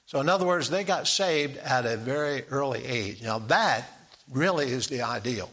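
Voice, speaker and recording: Man, middle-aged, sermon, bright tone, conversational, reads verses aloud. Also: medium pitch, expressive, normal speed. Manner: conversational preaching with fillers, reads scripture aloud. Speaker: preacher.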